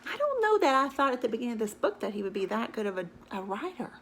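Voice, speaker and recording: A woman teacher reading a picture book aloud to her class, animated and often stopping to ask the children questions. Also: fairly high pitch, fast, a little hiss or hum.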